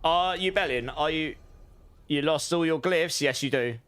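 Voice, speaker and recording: A man's voice: fairly high pitch, normal speed, a bit bright, smooth. An English man chatting casually with his viewers during a live game stream, rambling and answering chat as he plays. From England.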